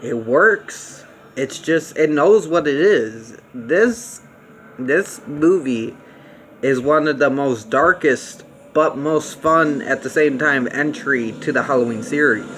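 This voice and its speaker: A young man giving a casual spoken movie review, rambling with many fillers and restarts and getting excited about what he likes. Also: on the high side, takes it slowly, slight background noise.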